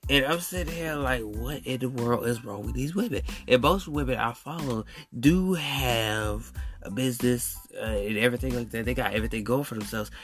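A man rants through a solo podcast in a blunt, slangy storytelling style. His voice is bright and forceful at a middle pitch, with faint music underneath. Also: moderate pace. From Alabama. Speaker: podcast host.

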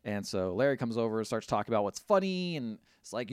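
A man co-hosting a podcast, casually retelling a movie plot in an animated, rambling way. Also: medium pitch, fast talker, few pauses, smooth, dry recording, studio quality. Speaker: podcast co-host. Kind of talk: casual movie recap chat.

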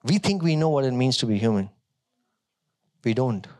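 A male pastor preaching a sermon, emphatic, moving between strong declarations and quieter storytelling. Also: medium pitch, lively intonation, moderate pace.

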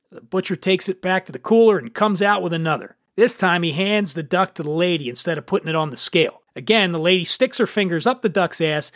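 A man's voice: sits high, a little fast, few pauses, fairly bright tone, dry recording, clean studio sound. A man hosting a scripted comic cocktail tutorial, irreverent and wisecracking. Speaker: host.

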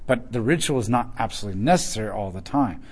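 A man's voice: lowish voice, animated, fast talker, a little mellow, breathy edge. A man preaching verse by verse in a conversational way, acting out little quoted asides. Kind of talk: verse-by-verse sermon teaching.

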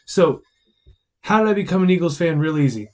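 A man's voice: a little high, lively intonation, fairly quick, darkish tone. A man from Pennsylvania hosting a solo sports podcast, talking in an opinionated, rambling, conversational way. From Pennsylvania, USA. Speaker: podcast host.

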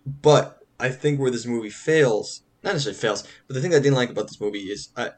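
A man talking over movies with friends in a loose, rambling way, often stopping mid-sentence to find the right word. His voice sits at an ordinary middle pitch, and his pace and tone are everyday. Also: fast. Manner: rambling, restarts sentences while hunting for words. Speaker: podcast co-host. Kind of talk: casual film discussion.

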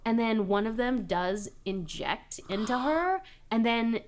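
A woman's voice: fairly high pitch, measured pace, a little hiss or hum. A woman chatting casually with a friend, acting out silly voices as she tells stories. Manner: animated, acts out silly voices for animals. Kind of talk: casual chat.

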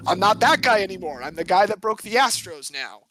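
A man's voice: high-pitched, big pitch swings, brisk, sharp tone, a little hiss or hum, exaggerated voice. A man voicing a brash male 1920s tough-guy gangster with clipped delivery.

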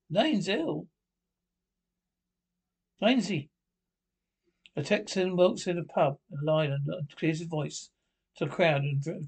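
Guy reading pub jokes, kinda gravelly, trips over words and restarts a lot. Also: a little high. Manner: halting read with frequent restarts. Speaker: joke teller.

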